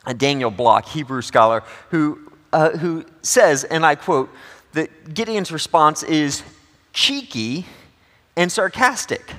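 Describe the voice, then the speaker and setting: A man's voice: a little high, pushed and bright. A male pastor preaching a sermon in a conversational, joking way, with a long church reverb. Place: church sanctuary.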